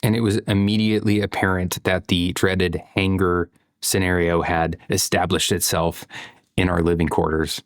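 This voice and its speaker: A man's voice: low voice, flat delivery, moderate pace, no room sound, studio quality. A man in his thirties talking through a reflective vlog monologue, conversational, with frequent "you know" and "right?". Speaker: parent vlogger.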